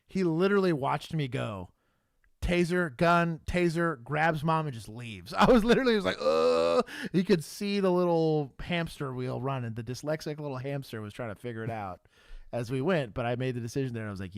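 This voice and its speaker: Blunt, swearing former cop on a livestream. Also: male voice, a little high, lively intonation, fairly quick, no echo, clean studio sound. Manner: blunt storytelling with profanity and frequent laughs. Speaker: livestream co-host, former police officer. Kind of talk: casual livestream chat.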